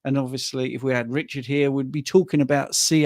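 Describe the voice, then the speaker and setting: A man's voice: mid-range voice, fairly even intonation, a little fast, hardly any pauses, a little mellow, dry recording, clean studio sound. A man from Wales hosting a live question-and-answer chat about diet, talking in a chatty way and often restarting words. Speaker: carnivore diet coach and host.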